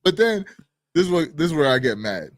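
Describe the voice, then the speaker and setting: A man co-hosting a live stream show, telling a story in casual chat, animated and swearing, acting out quotes loudly. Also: on the high side, brisk, no echo, studio quality. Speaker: podcast co-host.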